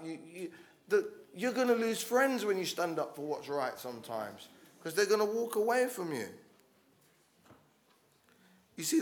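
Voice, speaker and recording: A man preaching a sermon, passionate and urging, who often restarts his words and swells to loud calls to his congregation. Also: sits high. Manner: passionate, rising to loud exhortation with frequent restarts.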